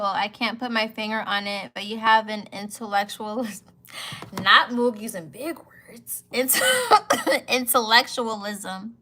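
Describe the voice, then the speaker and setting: Young woman vlogger, 20s, bright and slightly high voice, playful slangy chat, laughs often. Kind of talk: casual chat reacting to comments.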